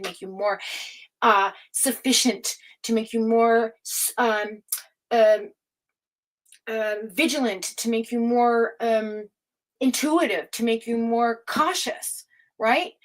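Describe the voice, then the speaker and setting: Forceful, foul-mouthed woman tarot reader. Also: fairly high pitch. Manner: forceful, profane, scolding pep talk. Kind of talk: casual spoken tarot reading to camera.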